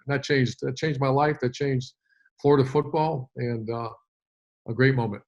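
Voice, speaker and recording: A man's voice: mid-range voice, fairly even intonation, moderate pace, lo-fi sound. A man in his fifties, a former head coach, telling a long story in an interview with many fillers and restarts.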